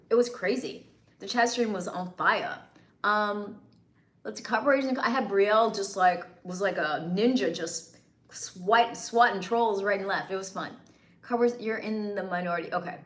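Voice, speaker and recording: A woman's voice: medium pitch, reverberant. A woman from the northeastern United States hosting a livestream, chatting with viewers and teasing them playfully. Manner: playful, teasing, laughs often. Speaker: livestream host. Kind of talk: casual livestream chat reading comments.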